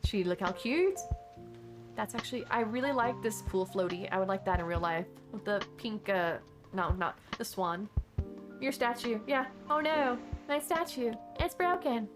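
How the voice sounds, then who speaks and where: A woman streaming a game and chatting casually, rambling along with sudden excited exclamations. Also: on the high side, moderate pace. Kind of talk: casual gameplay chat. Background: chill background music.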